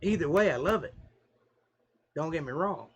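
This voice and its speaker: Joking Southern man, slightly high voice. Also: animated, moderate pace, slight background noise. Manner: joking, chatty, answering viewers. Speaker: musician hosting a live stream. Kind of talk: casual live-stream chat.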